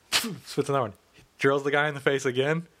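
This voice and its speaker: A man's voice: mid-range voice, steady tone, brisk, fairly bright tone. A man in his thirties telling stories in casual chat, swearing freely and laughing as he goes. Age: 30s. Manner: profane, laughing storyteller.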